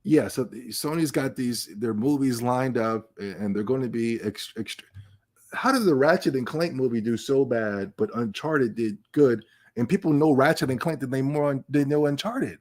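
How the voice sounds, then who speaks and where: Male podcast host, mid-pitched, sarcastic and emphatic, ranting casually about gaming news. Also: moderate pace. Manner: laughs between remarks.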